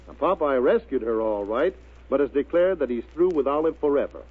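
1930s radio announcer, tinny sound. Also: male voice, medium pitch, brisk, breathy edge. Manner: even, recap-style narration.

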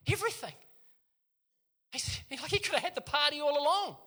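A man preaching a sermon in church, retelling a story with lively joking asides to the congregation. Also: very high voice, fast.

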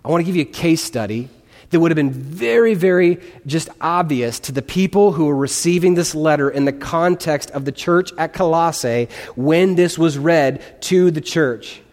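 A man's voice: on the high side, moderate pace, a little mellow. A male pastor preaching a sermon in an earnest, conversational way, putting questions to his congregation in a church. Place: church sanctuary. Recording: long reverb of a large hall.

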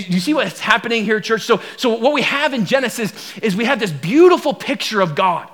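Very high-voiced emphatic male pastor. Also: sing-song, fairly quick, hardly any pauses, fairly bright tone. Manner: emphatic, repetitive, asks the congregation questions. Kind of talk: sermon.

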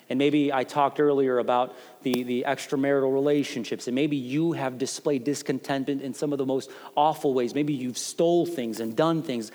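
Animated man preaching in a reverberant hall. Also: medium pitch, normal speed. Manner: animated, playful storytelling with mock quotes. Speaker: pastor. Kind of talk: sermon.

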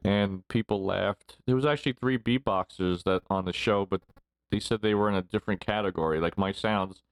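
A man's voice: fairly low pitch, steady tone, normal speed, dry recording. A man in his forties, a podcast guest telling rambling stories and laughing often as he talks. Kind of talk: casual storytelling interview.

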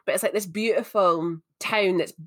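A woman's voice: mid-range voice, no room sound, studio quality. A woman with a Scottish accent, co-hosting a podcast in an enthusiastic, chatty way. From Scotland. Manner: chatty, enthusiastic, quick asides. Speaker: podcast co-host. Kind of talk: casual chat.

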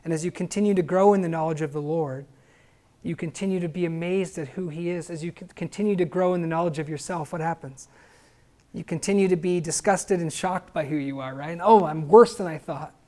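A man preaching a sermon, putting stress on his words, slowing on key phrases and putting questions to his listeners. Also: fairly high pitch, fairly even intonation, warm tone. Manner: emphatic, asks the listeners rhetorical questions.

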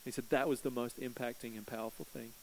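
A man's voice: steady tone, fast talker, a little hiss or hum, poor audio. A man preaching a sermon as pastor, telling a story and acting out the voices in it. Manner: storytelling, acts out quoted prayers with rising pitch.

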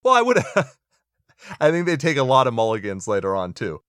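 A man's voice: medium pitch, huge pitch swings, normal speed, fairly bright tone, clean tone, no room sound, studio quality. A man co-hosting a casual movie review podcast, opinionated and sarcastic, laughing often as he talks. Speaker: podcast co-host.

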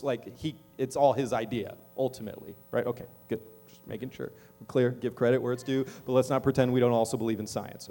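A man's voice: mid-range voice, darkish tone. A middle-aged man preaching a sermon as pastor in a church, talking conversationally and often checking in with the congregation. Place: church sanctuary.

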